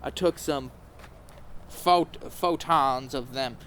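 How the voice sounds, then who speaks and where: Man, podcast host, comedic read-aloud, average pitch, stumbling, mock-dramatic bursts. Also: takes it slowly, fairly bright tone, a little hiss or hum. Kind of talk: comedic dramatic reading of a fanfic.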